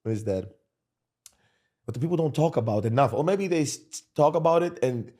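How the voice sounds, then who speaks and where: Sex: man. Role: podcast host. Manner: emphatic, restarting, mellow tone. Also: medium pitch, moderate pace, husky. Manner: animated, emphatic, frequent restarts and repetitions. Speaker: show host. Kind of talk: casual podcast chat.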